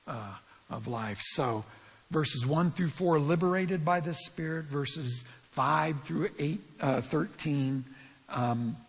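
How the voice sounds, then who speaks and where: A man's voice: mid-range voice, fairly bright tone, breathy edge, in a large hall. A man with a scratchy voice giving earnest, emphatic verse-by-verse Bible teaching and speaking straight to his listeners.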